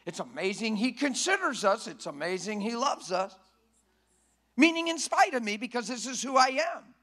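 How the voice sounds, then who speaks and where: A male preacher with a strikingly high voice delivers a sermon in a church. His tone is bright and forceful, and his delivery is folksy and emphatic, swelling into shouts. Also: sing-song, moderate pace.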